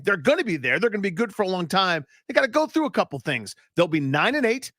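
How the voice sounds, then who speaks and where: Man, sports radio co-host, quick talker, swooping lively pitch, blunt hot picks. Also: no echo, clean studio sound. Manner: emphatic, quick, opinionated predictions.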